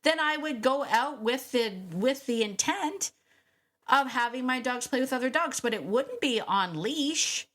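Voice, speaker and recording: A woman's voice: sits high, expressive, measured pace, a bit bright. Chatty emphatic woman podcast host. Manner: chatty and emphatic, with frequent laughs and restarts. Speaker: podcast host, dog trainer. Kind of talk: casual solo podcast monologue.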